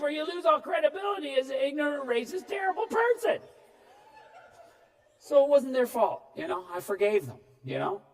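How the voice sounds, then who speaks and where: A man giving a comedic keynote talk, telling stories in an animated way and shouting punchlines. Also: very high voice, normal speed, far from the mic. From Newfoundland, Canada. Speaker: keynote speaker. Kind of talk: comedic storytelling speech. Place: large hall before an audience. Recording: reverberant hall, speaker off-mic.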